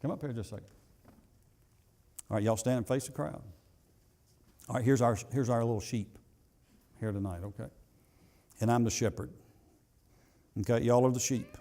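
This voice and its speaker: A pastor preaching a sermon in a church, building to emphatic peaks and then dropping to soft asides, with some halting repeats. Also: male voice, mid-range voice. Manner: halting repetitions. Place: church sanctuary.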